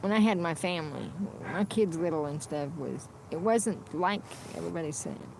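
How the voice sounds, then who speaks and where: A woman's voice: deep voice, animated, moderate pace, creaky, a little mellow, slight background noise. A woman streaming a rambling, unscripted monologue, blunt and profane, often restarting her sentences. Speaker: livestreamer.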